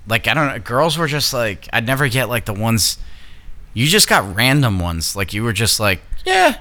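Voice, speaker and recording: A man's voice: mid-range voice, big pitch swings, moderate pace, pushed and bright. A man co-hosting a casual, crude podcast, bantering and teasing his co-host.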